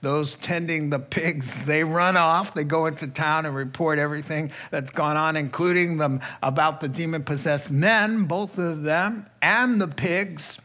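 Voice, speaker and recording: A man's voice: a little high, a little slow, few pauses, pushed and bright. A man preaching a sermon as pastor, telling a scripture story with asides.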